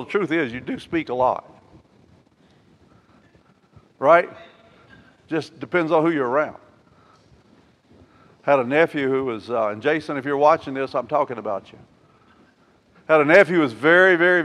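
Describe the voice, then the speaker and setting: A man preaching a sermon as pastor, acting out scripture with lively emotion and addressing the congregation. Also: fairly high pitch, normal speed, pauses often. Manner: animated, acts out scripture with rising emotion. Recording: long church reverb.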